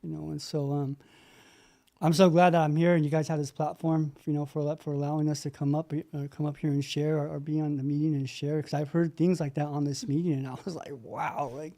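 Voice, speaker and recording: A middle-aged man speaks in a heartfelt, rambling way, full of fillers and restarts. His voice is mellow and sits a little high for a man. He is on a video call. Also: level tone, brisk. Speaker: meeting participant sharing.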